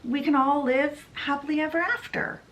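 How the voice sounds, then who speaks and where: A woman's voice: high voice, fairly even intonation, moderate pace, a bit bright, pitched above the performer's own voice. A woman voicing a determined young heroine while casually retelling a story. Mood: triumphant. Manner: casual retelling, little acting.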